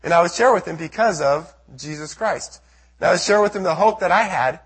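A man from the United States giving an earnest testimony sermon to a church as a missionary speaker, telling his story with a husky voice. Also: high-pitched, a little fast. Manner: earnest storytelling, acts out his own prayers and quotes.

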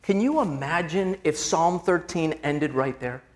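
A male preacher with a notably high-pitched voice delivers a sermon. He speaks in an earnest, confessional way and keeps it conversational, calling his listeners "gang" as he weaves personal stories into scripture. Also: measured pace.

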